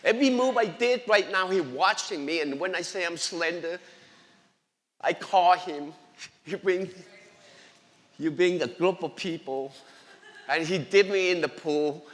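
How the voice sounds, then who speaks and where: A man's voice: high-pitched, a little slow, long pauses. A man giving an earnest, emotional personal faith testimony in a church, speaking English with non-native grammar. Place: church sanctuary. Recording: long reverb of a large hall.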